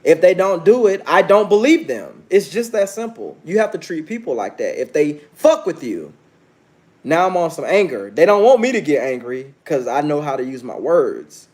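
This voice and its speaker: Man, 30s, livestream host; brash and preachy, slightly high, very animated pitch. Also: normal speed. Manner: brash, preachy, challenges chat viewers directly. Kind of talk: casual livestream monologue.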